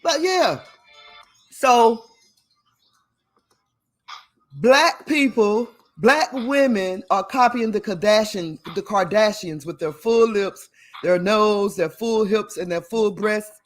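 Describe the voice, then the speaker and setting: A woman hosting her own livestream, talking straight to her viewers into a home webcam. She sounds emphatic and a bit preachy, and laughs often between her points. Her voice sits at an average pitch. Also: slow pace, long pauses, faint music behind. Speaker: livestream host. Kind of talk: casual livestream talk to viewers.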